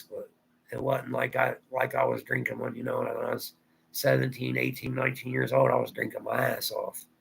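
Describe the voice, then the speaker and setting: A man's voice: medium pitch, creaky, bright, forceful tone, husky, rough recording. A man from Ohio with a Southern drawl, rambling through a casual livestream chat and answering viewer comments aloud. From Ohio, USA. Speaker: livestream host.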